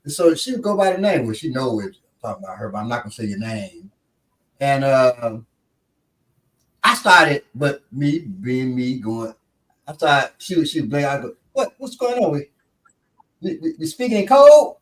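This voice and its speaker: A man, telling a story in casual talk and acting out quotes with big pitch jumps. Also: animated, moderate pace, fairly bright tone, far from the mic. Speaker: show instructor telling a story. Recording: echoey room, voice off-mic.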